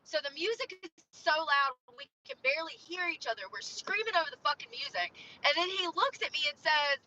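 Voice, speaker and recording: A woman's voice: sits high, expressive, fairly quick, bright, forceful tone, far from the mic, a little hiss or hum. A young woman who dances at a strip club, venting heatedly about customers with constant swearing. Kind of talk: angry rant on camera. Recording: dull lo-fi clip.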